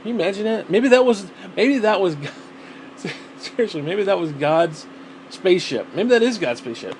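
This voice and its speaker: Man, solo vlog rant, swears a lot, rambling, somewhat high-pitched, faint background hum. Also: expressive, normal speed. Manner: profane, rambling and exasperated. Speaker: vlogger.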